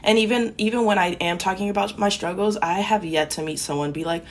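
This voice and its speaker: A woman talking as a guest in a discussion. She hesitates and searches for words, and she fills her pauses with "like". Her voice sits somewhat low. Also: steady tone. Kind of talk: casual discussion.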